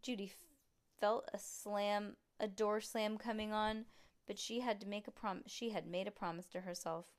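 A woman reading a children's book aloud to a child at home, with relaxed, chatty asides. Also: medium pitch, moderate pace. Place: room at home.

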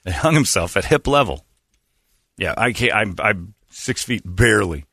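A middle-aged man hosting a casual comedic chat, telling stories with loud high-pitched impressions of other people. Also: expressive, moderate pace, creaky, no echo, studio quality. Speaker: podcast host.

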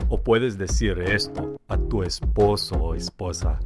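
A man hosting a scripted language lesson podcast, speaking in a calm, deliberate and clearly enunciated way. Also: on the low side, music in the background.

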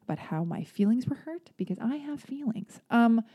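A woman with a mellow, warm voice hosts her own podcast, answering listener mail in a loose, rambling way. She is frank and swears casually, and her speech is full of fillers and asides. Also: a little high, lively intonation, moderate pace, slightly rough. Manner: candid, rambling, profane. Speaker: podcast host. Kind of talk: casual solo podcast, reading listener emails. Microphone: mic on a stand.

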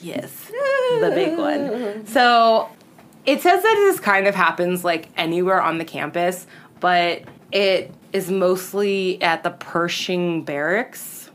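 A woman's voice: lowish voice, expressive, slow pace, fairly bright tone. A woman casually telling ghost stories on a podcast, chatty and full of "like", acting out what people said. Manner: chatty, lots of "like", acts out quoted lines. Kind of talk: casual storytelling chat.

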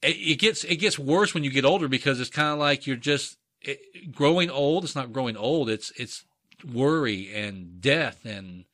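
Middle-aged man, podcast co-host, bright and rambling, crude casual banter. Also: medium pitch. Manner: rambling, halting restarts.

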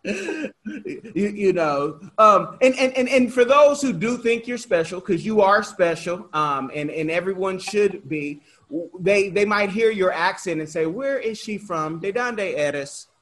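Male interview host, high voice, chatty, animated, stumbles and restarts, casual. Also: measured pace. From Oakland, California. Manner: talkative, animated, frequent restarts. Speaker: podcast host.

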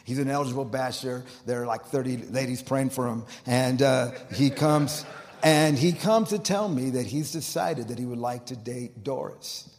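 A man preaching as pastor of a church, telling a story with emphasis and swinging between loud and quiet delivery. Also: medium pitch, moderate pace. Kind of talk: sermon. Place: church sanctuary. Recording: long reverb of a large church hall.

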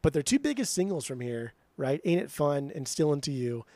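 A man's voice: sing-song, brisk, mellow, dry recording. A man co-hosting a music podcast, ranting in mock outrage and swearing often as he argues over album rankings. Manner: swears a lot, mock-outraged rants, mimics his co-host in a higher voice. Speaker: podcast co-host. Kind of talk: casual heated music chat.

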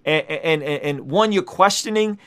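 Emphatic preaching man, bright voice. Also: a little high, normal speed, smooth. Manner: emphatic, repeats key points. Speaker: Christian video host. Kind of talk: preaching commentary.

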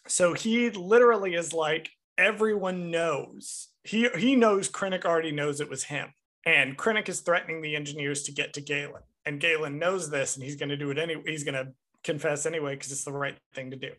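A man co-hosting a podcast, recapping a movie in an animated, enthusiastic way and swearing casually. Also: on the high side. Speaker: podcast co-host.

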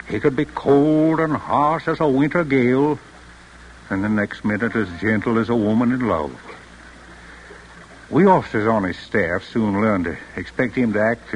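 A man's voice: mid-range voice, muffled recording, a little hiss or hum, lightly acted. An actor playing an old grandfather and war veteran telling stories to his grandson in a radio play. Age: older. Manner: fond storytelling, chuckling. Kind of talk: 1940s radio acting.

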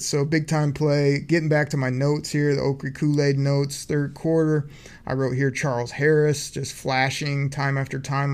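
A man hosting a casual sports podcast, recapping game plays from his notes with excited play-by-play energy. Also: medium pitch, clean tone. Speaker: podcast host.

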